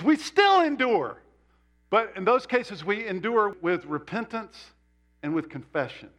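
A male pastor preaching a sermon in a church, animated and emphatic, with sudden jumps up in pitch on key words. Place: church sanctuary.

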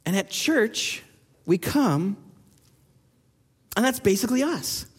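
High-voiced preaching man in a hall. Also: very animated, slow pace, husky. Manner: storytelling, rising to urgent challenges. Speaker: pastor. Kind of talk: sermon. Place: church sanctuary.

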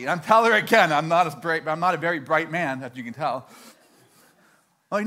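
Animated self-mocking male stand-up comic. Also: on the high side, brisk. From Canada. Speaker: stand-up comedian. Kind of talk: stand-up storytelling.

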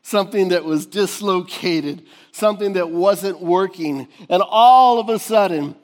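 A man preaching a sermon to his congregation in a high, lively voice. He swings from near-shouts down to hushed tones and laughs often between points. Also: measured pace. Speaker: pastor.

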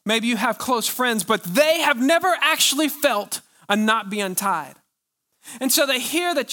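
A male pastor preaching a sermon, pressing his points with rhetorical questions and drawn-out pauses. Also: very high voice, expressive, sharp tone.

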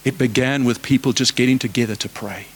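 A man's voice: medium pitch, steady tone, fairly quick, husky. A man preaching a sermon, fervent and exhorting, with repeated rhetorical questions.

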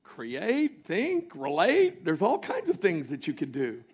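A male pastor with a Southern American accent delivers a sermon in a notably high voice for a man. He swings between rousing, shouted declarations and sudden near-quiet asides, speaking to his congregation in a church sanctuary. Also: huge pitch swings, takes it slowly, husky.

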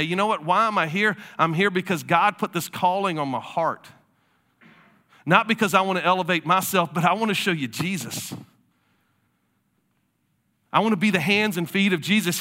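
Bright, high-voiced man preaching. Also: normal speed. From South Carolina. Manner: conversational storytelling preacher, casual fillers. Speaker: pastor. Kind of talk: sermon.

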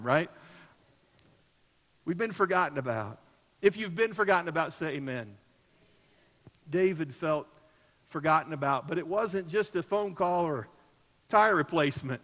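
Bright-voiced preaching man, echoey hall. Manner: storytelling, swings from loud emphasis to soft low asides. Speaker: pastor. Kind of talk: sermon. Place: church.

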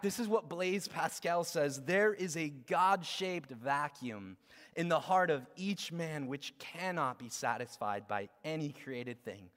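Conversational preacher in a reverberant hall. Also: male voice, fairly high pitch. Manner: conversational, swings from loud to hushed. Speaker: guest pastor. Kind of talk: sermon. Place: church hall. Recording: long reverb of a large hall.

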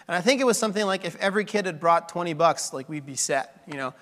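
A man's voice: a little high, animated, quick pace, hardly any pauses, a bit bright, in a large hall. A pastor telling a story in a sermon, conversational and full of restarts, his voice a little worn.

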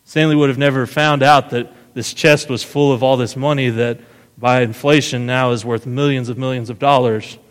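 A man's voice: mid-range voice, fairly even intonation, normal speed, clear, resonant tone. A man giving a sermon as pastor, retelling a story casually and often asking "right?". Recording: long hall reverb.

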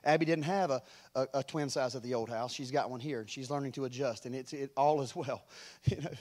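A middle-aged male pastor preaching a sermon, telling a family story with chuckles and animated delivery. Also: medium pitch, a little fast.

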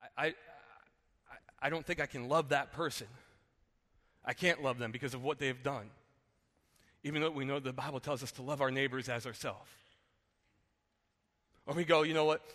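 A man's voice: mid-range voice, normal speed, pauses often, bright, forceful tone, long reverb tail. A male pastor giving a sermon in a conversational way, often saying "like" as he explains. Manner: conversational, often says "like" and restarts.

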